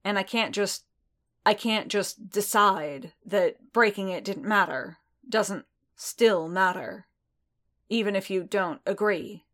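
A woman's voice: mid-range voice, takes it slowly, a bit bright. A woman voicing a weary, honor-bound male bounty hunter who stumbles over his words in a fan fiction audiobook. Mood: insistent.

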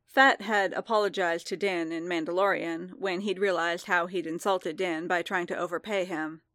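A woman narrating a story in a measured, calm reading voice, close to the mic. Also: on the low side, no echo. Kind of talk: audiobook fan fiction reading.

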